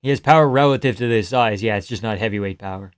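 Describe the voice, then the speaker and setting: A young man hosting a livestream, reacting to a fight with casual, profane commentary, yelling advice at the fighters and laughing often. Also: lowish voice, quick pace, clear, resonant tone. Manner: excitable, profane, yells at fighters, frequent laughs. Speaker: livestream host.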